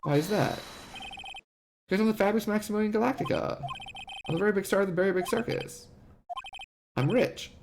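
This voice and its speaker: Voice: medium pitch, fairly quick, pauses often, background noise, pitched above the performer's own voice, close to an everyday voice. A streamer voicing a flamboyant, vain male circus magician from a video game, boastful and showy. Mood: haughty. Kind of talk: reading game dialogue aloud.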